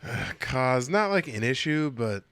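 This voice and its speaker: A man's voice: mid-range voice, a little slow, smooth, dry recording. A man co-hosting a casual podcast, swearing and telling stories about his family at a comedy show. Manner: swearing, storytelling, animated quoted voices. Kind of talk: casual chat.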